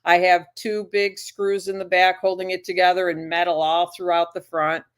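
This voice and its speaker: A shy woman appears as a guest on a casual talk show. She speaks gently and haltingly, pauses often and restarts her phrases, and keeps a soft, earnest way of talking. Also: on the low side, little pitch movement.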